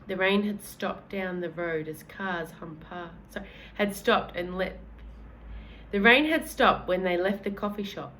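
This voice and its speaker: A woman's voice: on the low side, measured pace, fairly bright tone, slight background noise, low-quality recording. A woman reading a children's book aloud in a casual way, correcting her own slips as she goes. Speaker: reader.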